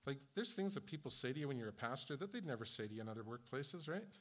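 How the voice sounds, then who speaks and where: Bright-voiced sarcastic fifty-something pastor. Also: male voice, medium pitch, animated, fast talker. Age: 50s. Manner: flippant, sarcastic, off the cuff. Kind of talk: sermon. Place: church.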